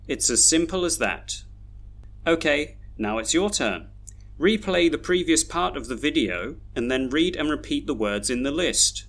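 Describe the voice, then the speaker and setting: Slow, careful teacher. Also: male voice, mid-range voice, animated, a bit bright. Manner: slow, careful modelling of words, each said twice. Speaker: English pronunciation teacher. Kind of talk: scripted video lesson.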